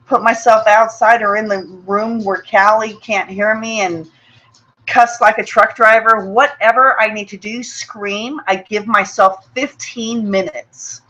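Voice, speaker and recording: Woman, webinar host, earnest motivational talk, mid pitch, muffled lo-fi audio. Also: steady tone, a little slow, sharp tone. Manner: earnest and personal, repeats words, checks in with "okay?".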